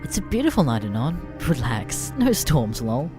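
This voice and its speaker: A man voicing a calm, reassuring female office dispatcher on the phone, in a read-aloud story. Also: medium pitch, normal speed, over music, close to an everyday voice. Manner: breezy, reassuring.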